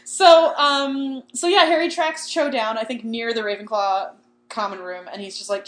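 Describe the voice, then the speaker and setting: A chatty young woman with a slightly high voice, retelling a story and putting on quick voices for the people in it. She sounds like she's in an echoey room, with a faint hum underneath. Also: expressive. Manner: chatty, acts out quoted lines with giggles. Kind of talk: casual podcast chat retelling a book.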